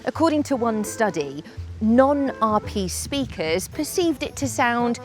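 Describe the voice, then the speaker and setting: A woman's voice: a little high, sing-song, slow, soft background music. A woman presenting a scripted explainer in a playful, teasing way.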